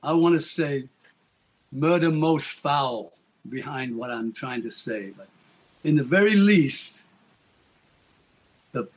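A man's voice: mid-range voice, lively intonation, takes it slowly, pauses often, slightly rough. A man being interviewed as a guest, telling a dramatic, rambling story.

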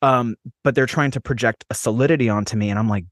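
A man in casual, animated chat who swears freely and trails off into fillers. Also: medium pitch, fast talker, dry recording, studio quality.

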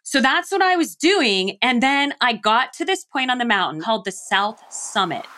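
A middle-aged woman from the United States speaks as an interview guest, with a bright, forward tone. She tells her story vividly and slips into the voices of her own thoughts and of the people she quotes. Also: on the high side, very animated, normal speed. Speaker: guest, mountaineer.

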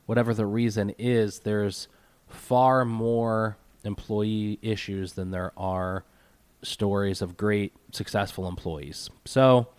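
A man's voice: lowish voice, steady tone, takes it slowly, darkish tone, clean tone, dry recording. A man hosting a podcast, talking casually with a congested, nasal voice from a cold, rambling with self-deprecating asides. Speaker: podcast host. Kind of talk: casual solo podcast intro.

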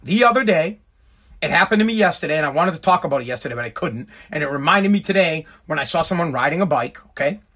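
A man's voice: on the high side, lively intonation, fast, sharp tone. A man hosting a solo podcast, ranting in an exasperated, heavily profane way. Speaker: podcast host.

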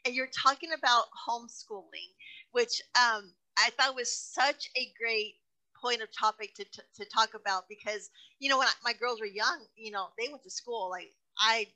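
A woman's voice: a little high, moderate pace, bright, forceful tone, low-quality recording. A middle-aged woman hosting a casual interview, chatty and laughing easily. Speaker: host.

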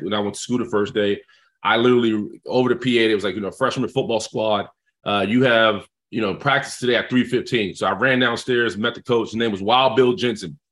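Animated New man telling stories. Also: lowish voice. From South Bronx, New York. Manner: animated, laughing, says "man" often. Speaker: guest, former football player. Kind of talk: casual storytelling interview.

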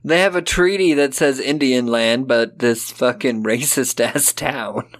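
Speaking a little slowly in a mid-range voice, this man co-hosts a podcast and sarcastically runs through a movie's story in a casual recap chat, playing out its lines with goofy voices.

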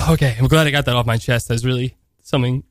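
A man's voice: medium pitch, fast talker, no room sound, clean studio sound. A man co-hosting a comedic radio show, playful and mock-earnest in his banter.

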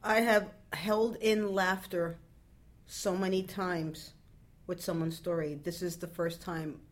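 A woman's voice: lowish voice, fairly even intonation, slow. A woman hosting a casual interview, reacting with open emotion and asking friendly questions. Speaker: interview host.

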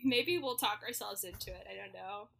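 A woman's voice: medium pitch, normal speed, gravelly, pushed and bright, breathy edge. A woman co-hosting a podcast, chatting casually and laughing often as she recaps a musical. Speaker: podcast co-host. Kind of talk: casual chat summarizing a musical.

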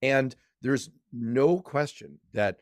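A man hosting a political discussion panel, quick to joke between serious points. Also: mid-range voice, no room sound. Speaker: podcast host.

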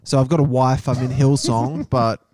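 A man's voice: mid-range voice, slight background noise. A man with an Australian accent, co-hosting a podcast in casual, joking chat. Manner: joking, lively, quick to laugh. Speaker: podcast co-host.

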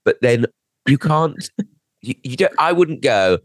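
A man's voice: mid-range voice, animated, a little slow, no echo, studio quality. A man co-hosting a comedy podcast, telling a rambling, self-mocking story in casual chat. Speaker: podcast co-host.

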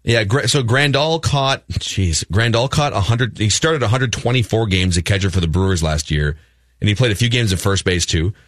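A man's voice: lowish voice, normal speed, a bit bright, dry recording, clean studio sound. A man co-hosting a sports radio show, wry and analytical in casual talk. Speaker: radio co-host.

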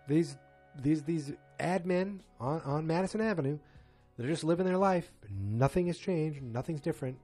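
Man, relaxed mellow tone, loose rambling recap of a show, halting and casual. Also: a little high, soft background music. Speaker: TV episode recapper. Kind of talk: casual spoken episode recap.

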